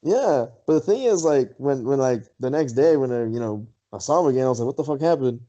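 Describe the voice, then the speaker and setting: Brief: man, casual podcast storyteller, warm mellow tone, profane and laughing, dull lo-fi recording. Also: medium pitch, expressive, brisk. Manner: swears a lot, laughs while telling stories. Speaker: podcast co-host. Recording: dull lo-fi sound.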